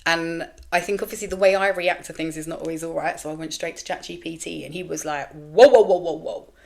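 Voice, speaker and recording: A middle-aged woman telling a candid story as a podcast host, animated and sweary, acting out quoted voices. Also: low-pitched, fast, vocal fry. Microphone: camera with mic, solo recording.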